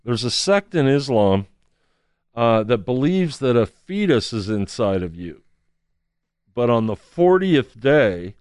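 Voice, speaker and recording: A man's voice: medium pitch, a little mellow, clean tone, dry recording, studio quality. A man telling a personal story as a testimony, acting out the people he quotes. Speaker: street counselor.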